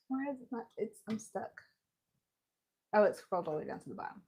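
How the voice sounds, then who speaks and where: Bright-ish and expressive, this mid-range female voice moves fairly quickly. She's a chatty, joking host of a home embroidery livestream who laughs frequently and welcomes viewers by name, recorded on a live-streaming setup.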